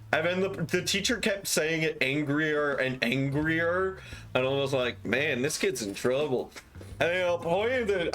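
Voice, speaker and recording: This young streamer's voice is a little high and a bit bright. He spins casual stories with lots of animation, curses without holding back, and performs the quoted lines.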